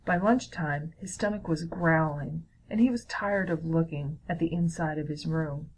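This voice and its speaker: A woman reading a children's story aloud in a steady, clear way. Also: deep voice, normal speed, slight background noise, poor audio.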